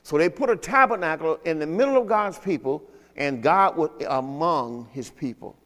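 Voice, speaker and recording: A man's voice: fairly high pitch, expressive, normal speed, a bit bright, long reverb tail. A man preaching a sermon as pastor, emphatic and often checking that the congregation understands. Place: church service.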